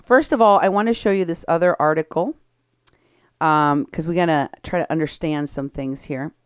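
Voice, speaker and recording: A woman hosting an opinionated political commentary show, talking briskly and sarcastically and laughing at her targets. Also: low voice, clear, resonant tone, no echo, clean studio sound.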